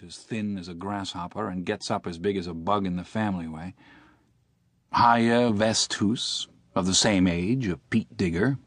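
A man narrating an audiobook in a measured, steady reading. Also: deep voice, dry recording, studio quality.

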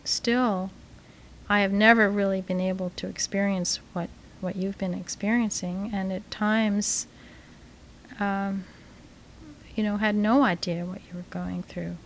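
A middle-aged woman and mother, speaking slowly and thoughtfully about her child's illness. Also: mid-range voice, steady tone, slight background noise, poor audio. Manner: slow, measured, thoughtful. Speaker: mother of the patient. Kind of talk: personal reflection.

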